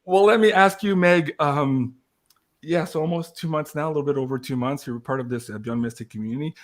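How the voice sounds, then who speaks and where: A man hosting a livestream, speaking with emotion and gratitude and pausing often with fillers. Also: on the high side. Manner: emotional, grateful, halting with many uh fillers. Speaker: host. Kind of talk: livestream talk.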